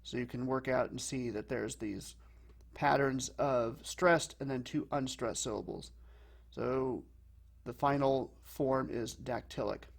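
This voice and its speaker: A man's voice: mid-range voice, gravelly. Man explaining poetry meter. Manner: plain explaining, slows to read quoted verse aloud. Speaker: teacher. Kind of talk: explanatory lecture.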